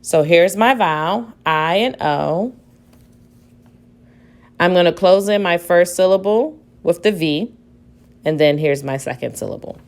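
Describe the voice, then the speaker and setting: Female teacher, low-pitched and unhurried, modeling syllable-by-syllable phonics reading. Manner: slow, deliberate, sounding out syllables aloud. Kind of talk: phonics lesson demonstration.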